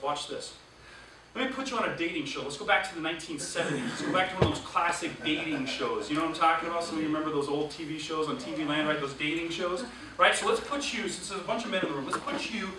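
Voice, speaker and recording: A male sales trainer leading a classroom training session, energetic and quizzing the class with questions. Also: on the high side. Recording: echoey room, distant mic, background noise.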